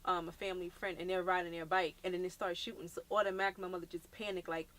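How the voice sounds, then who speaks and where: A woman in her thirties talks quickly in a low-set voice, blunt and slangy. She tells her stories loosely, full of filler words, in casual podcast chat. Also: level tone, a bit bright. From Brooklyn, New York. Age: 30s.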